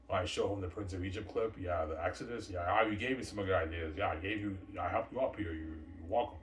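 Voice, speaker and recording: A man's voice: low voice, fast, few pauses, a little hiss or hum. A man talking in a boastful, rambling monologue, peppered with "man" and "yeah". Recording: roomy distant mic with faint ambience.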